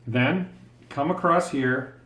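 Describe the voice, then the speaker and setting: Speaking slowly, this man has a medium pitch and a fairly bright tone as he guides viewers through a step-by-step drawing. He narrates every stroke while he draws, thinking out loud in a patient, encouraging way. The room gives his voice a spacious echo.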